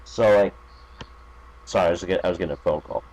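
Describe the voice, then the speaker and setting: A man's voice: sits low, steady tone, fast, a little mellow, low-quality recording. A man chatting as a podcast guest, rambling with many fillers, restarts and profanity. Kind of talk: casual podcast chat.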